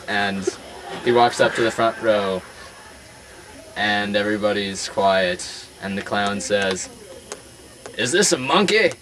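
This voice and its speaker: A man telling a long rambling joke to friends in a casual, halting way, with fillers and restarts. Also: lowish voice, a bit bright, poor audio. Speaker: joke teller.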